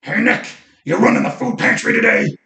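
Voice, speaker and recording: A man putting on a rough-voiced, forgetful, friendly man who sounds about to say something nasty and then says something kind. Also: extremely high pitch, lively intonation, fairly quick, pushed and bright, reverberant, voice pushed up, exaggerated voice. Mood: gruff, breezy.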